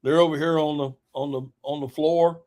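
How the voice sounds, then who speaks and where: A man's voice: fairly high pitch, steady tone, moderate pace, darkish tone. A middle-aged man hosting a live stream, telling a hunting story in a rambling, laughing way with lots of fillers. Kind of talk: casual storytelling chat.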